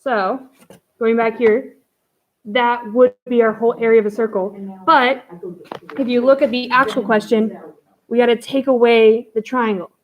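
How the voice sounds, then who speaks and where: A woman's voice: a little high, steady tone, normal speed, lo-fi sound. A woman math teacher running a live online review, talking through each step in a chatty way. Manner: chatty, walks through steps aloud.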